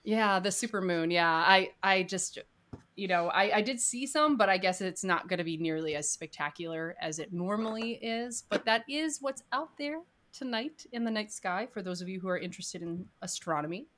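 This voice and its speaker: A woman's voice: mid-range voice, normal speed, a bit bright. A woman co-hosting a podcast in casual chat, talking in a chatty, giggly way with lots of fillers. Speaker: podcast co-host.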